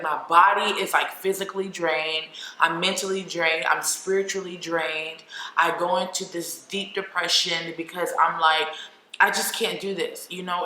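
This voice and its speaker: Speaking in a low-leaning voice with a sharp tone, a young woman vlogs an emotional, candid personal story full of "like." Faint noise and echo from the room come through in the recording.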